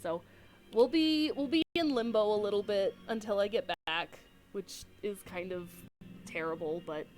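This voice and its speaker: Bubbly streamer lady rambling to chat, kinda high voice, self-deprecating. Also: a little mellow. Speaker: game streamer. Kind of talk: casual live-stream chat.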